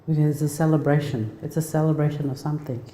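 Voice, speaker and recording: This is a woman from Australia, in her 40s, talking fast in a flat, low, dark voice. As a guest speaker in an echoey lecture hall, she gives a heartfelt, conversational talk full of personal stories and frequent restarts.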